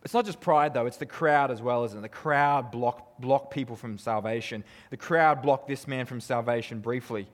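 Aussie pastor preaching, earnest, mid pitch, big long echo of a hall. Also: male voice, moderate pace, few pauses. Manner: earnest, builds to emphatic peaks then drops low; conversational, asks the audience tag questions. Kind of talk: sermon.

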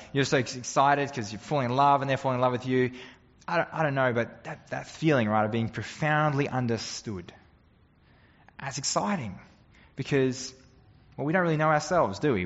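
A man's voice: medium pitch, brisk, big-room sound, muffled recording. A man preaching a sermon as a pastor, conversational and earnest, often asking the congregation rhetorical questions.

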